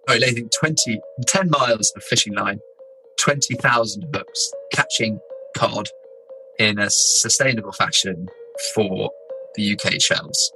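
An English explorer recounts his voyage in a lively, chatty way, acting out the voices of the people he met. His voice is lowish, bright and forceful. Soft music plays faintly behind him. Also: low-quality recording. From England. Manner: lively anecdotal telling, doing voices of others, laughing. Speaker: explorer telling his story. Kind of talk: animated storytelling interview.

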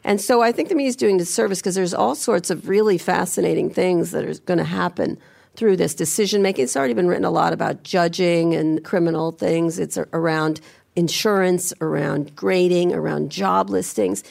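A middle-aged woman hosting a podcast, blunt and teasing, talking fast about tech in casual banter. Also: on the low side, gravelly, darkish tone. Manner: blunt, teasing, rapid-fire. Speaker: podcast host.

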